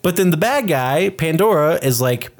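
A man's voice: on the high side, animated, normal speed. A man co-hosting a casual movie review podcast, retelling scenes animatedly and acting out the characters' lines in raised voices. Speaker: podcast co-host.

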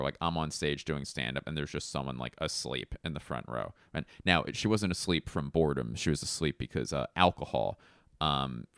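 Very deep, gravelly-voiced man rambling. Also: fairly bright tone, dry recording, clean studio sound. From Philadelphia. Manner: rambling, loose, full of fillers and restarts. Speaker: stand-up comedian. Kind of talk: casual anecdote telling.

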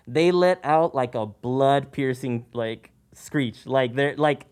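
A man's voice: mid-range voice, normal speed. A young man on a podcast telling a story from his old theme park job in casual chat, acting out the voices of the people in it. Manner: animated, acts out voices in anecdotes. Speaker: podcast guest, former theme park worker.

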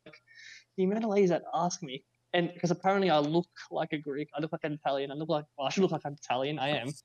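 Fast-talking young Australian man, high voice. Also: steady tone, darkish tone. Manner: joking, rapid rambling. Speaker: podcast co-host. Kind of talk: casual chat. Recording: dull lo-fi sound.

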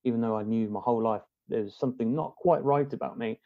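A man's voice: medium pitch, no echo. A man chatting as a podcast guest. He rambles and keeps restarting his sentences, and his voice sits mid-range. The sound is a little dull and muffled, with a dry, close feel. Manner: rambling, halting, many restarts and fillers. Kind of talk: casual conversation.

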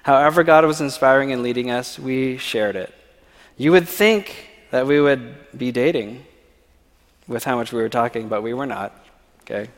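A man with a mid-range voice tells a personal story to a church congregation, often pausing to ask "okay?". His voice carries a long reverb from a large sanctuary. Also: medium pitch. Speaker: church speaker. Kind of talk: personal testimony talk.

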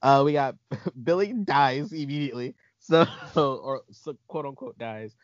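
A man's voice: mid-range voice, unhurried, no echo, muffled recording. A man hosting a podcast, recapping a movie in casual chat and laughing often, enthusiastic. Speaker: podcast host.

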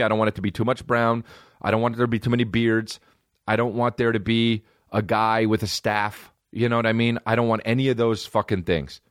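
Male podcast host, low-pitched, swears a lot, rambles through comic rants, dry sound. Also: dry recording. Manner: profane, rambling, animated rants. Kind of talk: rambling comedic monologue.

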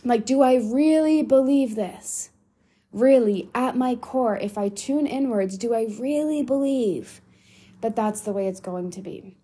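Young woman on her podcast, swears a ton, blunt pep-talk vibe, warm mellow tone. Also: a little high, a little slow, breathy edge. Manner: blunt, swears freely, emphatic. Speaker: podcast host. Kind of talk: motivational solo podcast talk.

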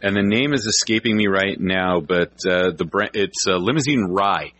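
A man's voice: low-pitched, moderate pace, a bit bright, muffled recording, a little hiss or hum. A man hosting a podcast, talking in an easygoing casual way and often adding short agreements. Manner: easygoing, frequent brief agreements. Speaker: podcast host.

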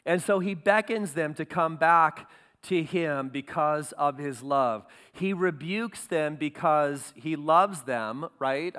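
A man's voice: fairly high pitch, a bit bright, clear, resonant tone, in a large hall. A man preaching a sermon as pastor, earnest and building to emphatic peaks.

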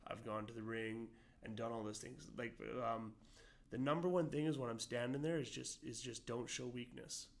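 A man's voice: medium pitch, normal speed, gravelly. A man, an amateur boxer giving casual interview answers, full of fillers and restarts. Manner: rambling, many fillers and restarts.

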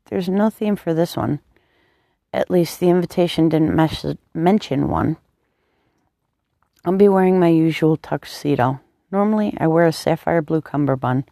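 A woman voicing a gentle, devoted young man who speaks softly and teases his sweetheart affectionately. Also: deep voice, a little slow, long pauses, no room sound, studio quality. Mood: teasing. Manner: soft, affectionate, teasing.

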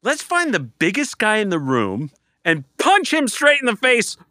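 A man's voice: sits high, huge pitch swings, measured pace, pushed and bright, no echo, studio quality. A man in casual chat, jokey and emphatic.

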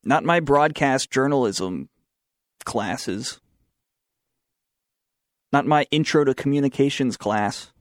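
Taking it slowly and pausing often, a young Southern American student talk show host delivers a sarcastic, opinionated radio-style monologue and reads news aloud. His voice is mid-range, and the dry studio recording has no echo.

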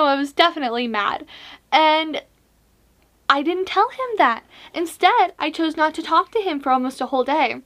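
A young woman hosting a casual faith-based vlog, giving earnest advice with self-mocking asides and animated emphasis. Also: high voice, moderate pace. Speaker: vlog host.

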